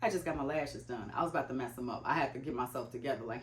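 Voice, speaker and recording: A woman's voice: deep voice, animated, fast talker, few pauses. A young woman chatting casually about books as a vlogger, talking loosely with lots of "like" fillers. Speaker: book vlogger. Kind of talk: casual chat. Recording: echoey room.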